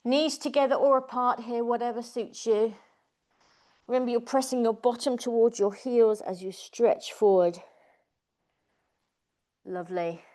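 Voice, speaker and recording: A woman's voice: fairly high pitch, fairly even intonation, unhurried, long pauses, a little mellow. Chatty woman leading Pilates. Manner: encouraging, chatty, jokey cues. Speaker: pilates instructor. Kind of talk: live class instruction.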